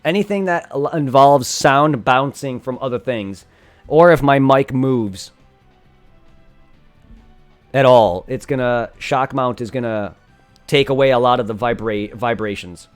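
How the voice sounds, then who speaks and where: A man's voice: medium pitch, unhurried. A young man chatting casually on a live game stream, rambling and correcting himself as he talks into a desktop condenser mic. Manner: rambling, self-correcting, reads game dialogue aloud. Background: faint music and computer fan hum.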